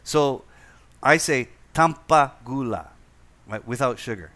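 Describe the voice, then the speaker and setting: A man's voice: medium pitch, takes it slowly, fairly bright tone. A man hosting a casual podcast chat, telling a profane anecdote with lots of repeated words and laughter. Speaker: podcast host. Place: lived in Indonesia.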